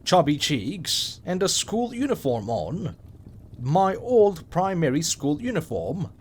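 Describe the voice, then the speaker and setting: A man narrating a scripted horror story in a measured, wry way. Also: fairly high pitch, very animated, a little hiss or hum.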